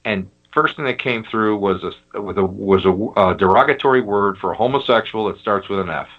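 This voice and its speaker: A man, a guest on a paranormal talk show, telling his stories in an animated, emphatic casual chat. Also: on the low side, brisk, dull audio.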